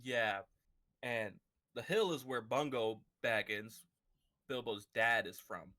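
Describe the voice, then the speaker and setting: A man's voice: mid-range voice, slow, sharp tone. A man co-hosting a book club podcast, rambling casually with plenty of filler words and frequent laughter. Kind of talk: casual chat.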